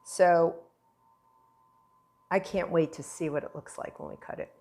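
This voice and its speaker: A woman's voice: lowish voice, steady tone, measured pace, warm tone. Chatty woman chef demonstrating a tart. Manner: chatty, playful, encouraging. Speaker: cooking instructor. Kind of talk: cooking demonstration.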